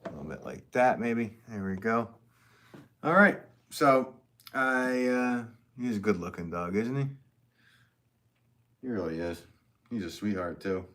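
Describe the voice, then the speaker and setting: Laid-back potter, very low voice, rambling livestream chat with viewers. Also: male voice, a bit bright. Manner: rambling, easygoing, greets viewers by name.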